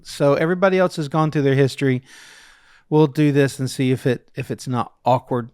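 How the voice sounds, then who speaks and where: A man's voice: medium pitch, brisk, darkish tone, smooth, no echo, studio quality. A man in his forties, a podcast co-host, telling family stories in a rambling, chuckling way with many restarts. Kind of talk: casual chat.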